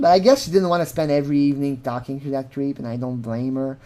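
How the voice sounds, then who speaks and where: A woman's voice: a bass voice, fairly even intonation, fast talker, dark tone. A woman commenting on a recorded phone call in a casual, blunt way, swearing often and saying "like" a lot.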